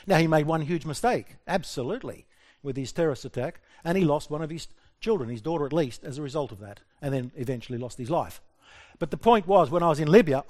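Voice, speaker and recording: A middle-aged Australian man giving a humorous personal talk to an audience, lively and self-deprecating, often asking the crowd questions. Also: fairly high pitch. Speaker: speaker addressing an audience.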